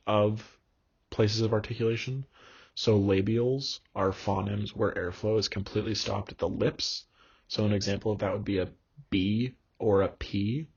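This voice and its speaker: A young man lectures with a low, gravelly, husky voice, stopping and restarting often with plenty of ums. The recording is dull and lo-fi. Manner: halting, many fillers and restarts.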